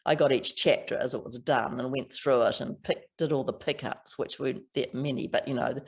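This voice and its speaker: A woman's voice: very deep voice, fairly even intonation, fairly quick, a little mellow. An older woman with a strong New Zealand accent, chatting as an author guest in an interview with frequent laughs and restarts. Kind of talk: casual interview chat.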